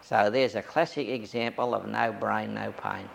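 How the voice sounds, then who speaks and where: A man's voice: fairly low pitch, steady tone, moderate pace, creaky, slight background noise. An older Australian man telling anecdotes from his youth in an oral history interview, acting out the voices of the people he quotes.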